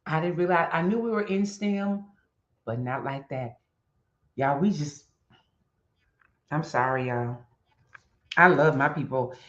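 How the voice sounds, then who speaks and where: A woman host talks in a bubbly, excitable way that tips easily into laughter. She turns slow and earnest when she prays. Her voice comes through a dull, lo-fi recording that sounds like a roomy space. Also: sits low. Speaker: host of a daily devotional video series. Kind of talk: casual chat and spoken prayer.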